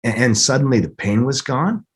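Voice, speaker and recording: A middle-aged man with a husky voice, recounting a personal story as a podcast guest in an earnest, halting way with many restarts. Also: medium pitch, lively intonation.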